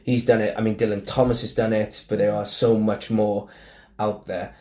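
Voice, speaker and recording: A man's voice: fairly low pitch, flat delivery, moderate pace, dark tone. A young man from Merthyr with a Welsh accent, co-hosting a podcast in casual, rambling chat with blunt opinions and frequent restarts. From Wales. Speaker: podcast co-host. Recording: roomy echo.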